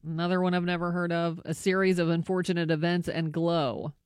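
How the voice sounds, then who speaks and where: A man's voice: a little high, flat delivery, brisk, smooth, dry recording, clean studio sound. A man in a casual chat, reading out a list in a matter-of-fact way.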